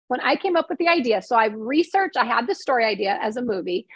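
A woman with a fairly high voice tells stories in a casual interview, animated and quick, often restarting her sentences. The sound is dry and close. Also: husky, no echo, poor audio. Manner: animated, fast storytelling with many restarts. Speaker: screenwriter and novelist guest.

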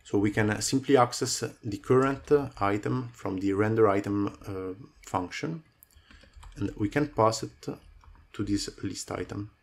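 Guy walking thru code, lowish voice, lots of uhs, keyboard typing behind him. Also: a little slow, creaky. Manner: talks through code with many fillers. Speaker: coding tutorial host. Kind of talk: screen-recorded coding tutorial.

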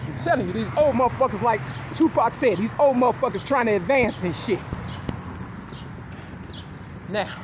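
A high-pitched woman shouts a loud, confrontational, profane rant. She repeats her taunts over and over. The recording is made outdoors, with traffic and car noise clearly audible behind her. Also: lively intonation, quick pace. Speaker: vlogger. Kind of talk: angry street rant.

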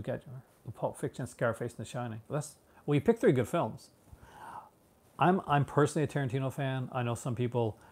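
A man's voice: mid-range voice, a little mellow. A Canadian man in his thirties chatting casually with viewers about films, rambling with many restarts, fillers and frequent laughs. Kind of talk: casual chat, answering viewers.

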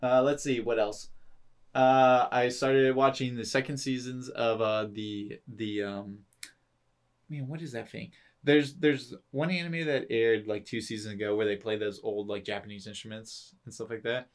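A man's voice: mid-range voice, steady tone, moderate pace. A man co-hosting a casual podcast, talking in rambling bursts with frequent restarts and laughter. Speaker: podcast co-host. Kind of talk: casual chat.

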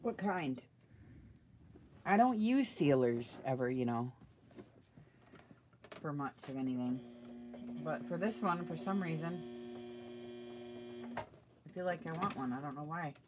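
A woman's voice: low-pitched, expressive, unhurried, pauses often, noisy background. A middle-aged woman chatting and thinking aloud while she works on a craft project, asking her viewers for advice as she goes. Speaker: craft video maker. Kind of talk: chatty live crafting video.

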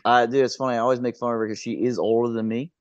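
A man's voice: mid-range voice, flat delivery, very fast, no echo. A man in his thirties co-hosting a podcast in loose casual chat, stammering through restarts and laughing as he goes. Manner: laid-back, stammering restarts, swearing and laughing. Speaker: podcast co-host. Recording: dull lo-fi podcast audio.

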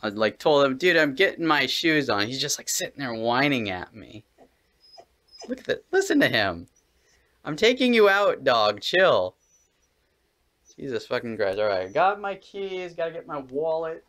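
A man's voice: mid-range voice, very animated, moderate pace, a bit bright, dry recording. A man vlogging casually, short on sleep, talking to his dog in an exasperated, swearing, mock-scolding way.

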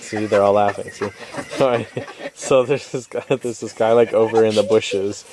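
A man's voice: fairly low pitch, steady tone, moderate pace, a crowd in the background. A young man vlogging at night from a stalled vehicle, telling his travel story in a chatty, exasperated way full of "like" and acted-out quotes. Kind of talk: casual video diary storytelling. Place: inside a stalled vehicle at night by a rural road.

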